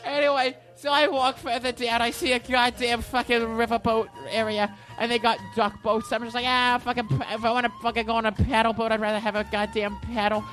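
Comedy bit: woman playing a raging, foul-mouthed guy, bright and sharp, mid-high pitch, constant cursing. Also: flat delivery, fairly quick, few pauses, faint music behind, lightly acted. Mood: ranting. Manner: constant swearing, ranting, manic laughter. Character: foul-mouthed hotheaded man, self-declared psychopath. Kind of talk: comedy character monologue.

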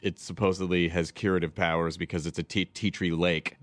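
A man's voice: low voice, flat delivery, a little fast, dry recording. A man hosting a podcast in a casual chat, rambling and laid-back, laughing often and swearing freely. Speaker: podcast host.

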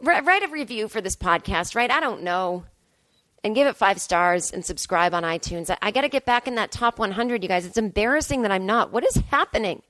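A woman's voice: medium pitch, lively intonation, brisk, a bit bright, no echo. A young adult woman comedian hosting her podcast, telling a rambling, self-deprecating story full of fillers. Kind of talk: casual podcast monologue.

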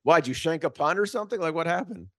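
A man's voice: on the high side, lively intonation, fast talker, no room sound, clean studio sound. Chatty male podcast host. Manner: chatty, rambling, joking questions. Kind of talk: casual interview chat.

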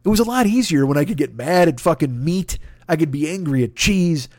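A man's voice: fairly high pitch, lively intonation, brisk, darkish tone, no echo, clean studio sound. A man hosting a podcast, ranting in exasperated comic bursts full of profanity. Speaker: podcast host. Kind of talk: comedic rant. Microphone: podcast microphone.

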